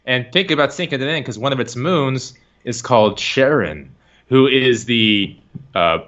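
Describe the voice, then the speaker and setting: Bright, excitable male podcast host. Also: medium pitch, measured pace. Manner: rambling, excitable, laughs a lot. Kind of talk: casual chat. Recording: dull lo-fi stream recording.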